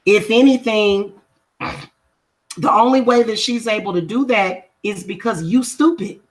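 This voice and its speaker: A woman's voice: a little high, a little slow. Emphatic woman spiritual vlogger. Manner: emphatic, confrontational, repeats points for stress. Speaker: spiritual practitioner and reader. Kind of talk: casual livestream talk to viewers.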